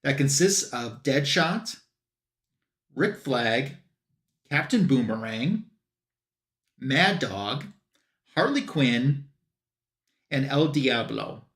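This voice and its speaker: A man's voice: medium pitch, big pitch swings, fairly bright tone, roomy sound. Man recapping a comic plot casually. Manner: retells scenes with quick quoted voices for characters. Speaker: comic book show panelist.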